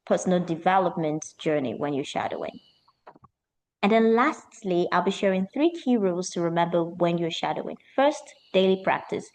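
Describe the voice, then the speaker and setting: A woman leads a pronunciation lesson as an accent coach. She speaks with lively energy and stretches key words out slowly to stress them. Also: medium pitch. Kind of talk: teaching an online pronunciation lesson.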